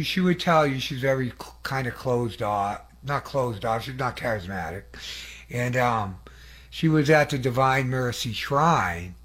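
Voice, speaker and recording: A man of medium pitch preaching in a loose, conversational way, telling stories of faith. He speaks earnestly, often trailing off and restarting, and asks the listeners for their agreement. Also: fairly bright tone. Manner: earnest, rambling, with many fillers and restarts; asks the audience for affirmation. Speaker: lay preacher giving testimony. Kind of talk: conversational testimony sermon.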